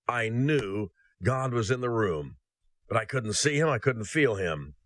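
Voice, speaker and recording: A man's voice: fairly low pitch, expressive, a little slow, dry recording. A man hosting a ministry podcast. He reads a personal story aloud, then gives an earnest devotional message that addresses listeners as brothers and sisters.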